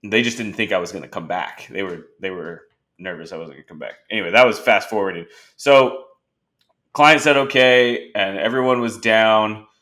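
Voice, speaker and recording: A man hosting a podcast, telling animated stories in casual conversation and acting out the dialogue of the people in them. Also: fairly low pitch, moderate pace. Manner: animated storyteller who acts out quoted dialogue. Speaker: podcast host.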